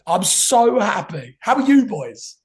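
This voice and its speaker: This young Englishman hosts a casual football podcast and rambles excitably. His voice is hoarse and half gone, high-pitched, and slow.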